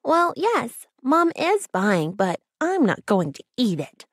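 A woman's voice: sits high, very animated, slow, darkish tone, no echo, clean studio sound, voice pushed up, full character voice. Woman doing a sulky little boy. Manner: sulky, wondering. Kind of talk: children's audiobook character voice.

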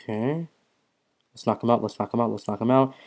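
Excitable young man streaming a game. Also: medium pitch, fairly quick. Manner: excitable, swears often, reads chat aloud. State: hiccuping, clearing throat. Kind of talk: casual live-stream commentary.

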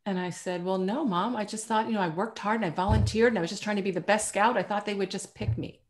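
A woman telling personal stories as a panel guest, animated and acting out the dialogue she quotes. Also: mid-range voice, fast talker.

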